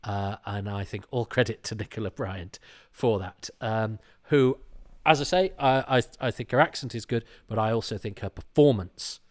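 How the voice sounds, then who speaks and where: A middle-aged man hosting a podcast, talking in a casual monologue with animated, indignant storytelling. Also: lowish voice, moderate pace. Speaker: podcast host.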